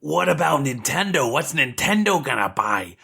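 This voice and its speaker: A man doing a strained, whiny voice of an excitable nerdy young man. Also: on the high side, normal speed, gravelly, slightly rough, exaggerated voice. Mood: excited. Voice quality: strained nasal nerd voice.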